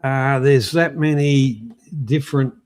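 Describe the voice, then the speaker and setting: A man's voice: medium pitch, slow pace, darkish tone. An English man hosting a casual live stream, talking with hesitant restarts and greeting viewers in the chat. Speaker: stream host.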